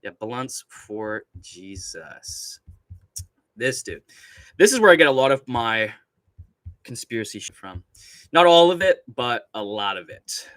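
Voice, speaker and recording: Animated, profane young man on a livestream. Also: mid-range voice, measured pace, long pauses, no room sound. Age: young adult. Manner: profane, rambling rants with frequent laughter. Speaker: livestream host reading chat. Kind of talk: casual livestream commentary.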